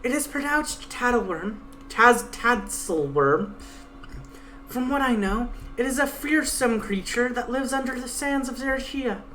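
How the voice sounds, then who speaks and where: A woman's voice: fairly high pitch, lively intonation, a little slow, a bit bright, a little hiss or hum, voice pushed up. A woman voicing a stern, fanatical female warrior guide in a game story reading, speaking in a cold, formal, threatening way. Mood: instructive.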